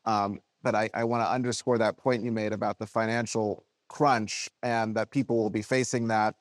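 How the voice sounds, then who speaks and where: A man moderating a panel, halting and apologetic as he rephrases a question. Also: on the low side, level tone, no room sound, clean studio sound. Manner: halting and apologetic, with many restarts. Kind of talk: panel discussion.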